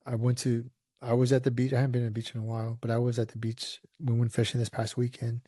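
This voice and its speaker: A man's voice: mid-range voice, monotone, quick pace, dark tone, no echo, studio quality. A man hosting a podcast, asking questions casually and rephrasing them as he searches for words. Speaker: podcast host.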